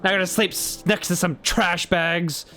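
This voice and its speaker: A man commenting on a game he is playing, with loud, exasperated outbursts. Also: sits high, steady tone, normal speed. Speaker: gaming youtuber. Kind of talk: let's play commentary.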